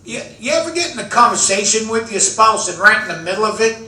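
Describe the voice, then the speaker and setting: A man's voice: high voice, fast talker. A man in his fifties doing a self-deprecating stand-up comedy set, telling stories to an audience in a large event room. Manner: self-deprecating, animated storytelling with audience laughter. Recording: echoey room from far off.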